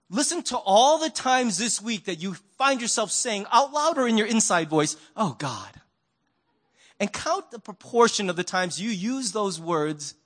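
A man's voice: high voice, fairly bright tone. A man preaching a conversational sermon, telling stories and asking rhetorical questions. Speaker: pastor.

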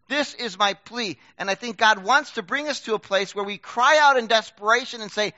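A middle-aged man preaching a sermon in a conversational, self-deprecating way, swinging from loud bursts to hushed asides. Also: extremely high pitch, fairly quick, hardly any pauses, dry recording, dull audio. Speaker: pastor.

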